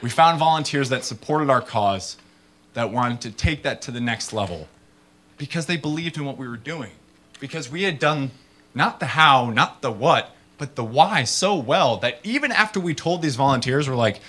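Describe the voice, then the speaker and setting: A man gives a casual, animated talk to an audience, full of fillers and acted-out voices. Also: mid-range voice, moderate pace. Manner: animated storyteller, acts out people in funny voices. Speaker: startup founder giving a talk.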